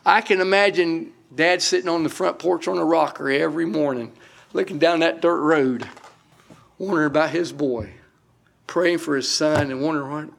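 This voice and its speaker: A middle-aged man preaching from the pulpit, his voice gravelly and pitched a little high. He works through scripture with emphasis, breaking off for folksy asides to the congregation. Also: fairly even intonation, normal speed. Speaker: pastor. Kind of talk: sermon.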